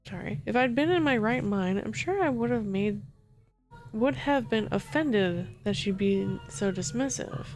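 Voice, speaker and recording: A woman narrating a first-person horror story in a soft, steady ASMR reading. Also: fairly high pitch.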